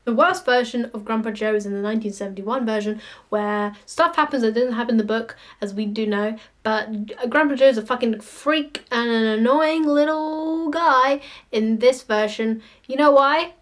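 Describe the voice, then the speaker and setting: A woman ranting in a casual vlog, animated, sweary and mocking. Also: on the high side, moderate pace. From United Kingdom. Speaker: vlogger. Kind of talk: casual ranting monologue to camera.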